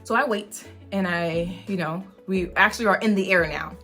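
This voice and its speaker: A woman's voice: fairly low pitch, moderate pace, pushed and bright, soft background music. A middle-aged mother telling a travel story in a casual, chatty way, sometimes acting out the people she quotes.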